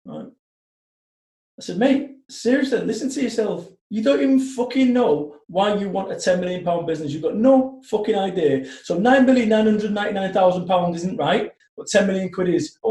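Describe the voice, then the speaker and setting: A man's voice: high-pitched, a little fast. Swearing, blunt man, echoey room. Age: 40s. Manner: blunt, heavily profane, animated storytelling. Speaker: guest, motivational speaker. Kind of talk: casual podcast chat.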